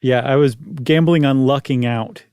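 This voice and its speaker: A man's voice: medium pitch, measured pace, darkish tone, clean tone, dry recording. Joking podcast co-host man, dry sound. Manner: joking, self-mocking banter. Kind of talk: casual chat.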